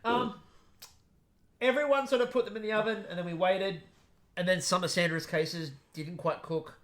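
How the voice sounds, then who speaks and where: A man's voice: high voice, moderate pace, fairly bright tone. A man from Australia co-hosting a casual chat podcast, joking and rambling with frequent laughs. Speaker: podcast co-host.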